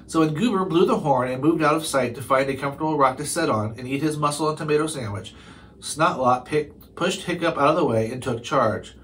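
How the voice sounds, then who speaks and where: A man's voice: on the high side, fairly quick, fairly bright tone, a little hiss or hum, rough recording. A man reading a children's chapter book aloud, now and then stumbling over a word and correcting himself. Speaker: storybook reader.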